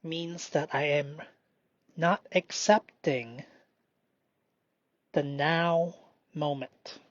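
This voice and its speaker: A man doing a slow, meditative spoken self-reflection, halting and often dropping into a whisper. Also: fairly high pitch, steady tone, dry recording. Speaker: solo performer. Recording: dull lo-fi dry recording.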